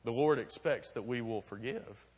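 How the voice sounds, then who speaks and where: A man's voice: mid-range voice, normal speed, a little mellow, slightly rough. A man preaching a sermon as pastor, talking conversationally, explaining and asking rhetorical questions, then building to emphatic points. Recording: long reverb of a large hall.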